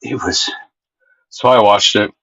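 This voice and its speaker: A man streaming live, chatting casually with his viewers and reading their comments. He rambles and gets excited, and he swears freely. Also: fairly low pitch, a little slow, gravelly, no room sound, lo-fi sound.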